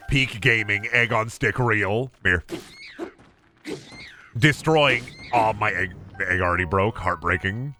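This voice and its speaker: A young adult man streaming a game, joking and swearing, with sudden loud bursts. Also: fairly low pitch, takes it slowly, a little hiss or hum. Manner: lively, swearing, jokey, shouts in bursts. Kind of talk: gameplay commentary.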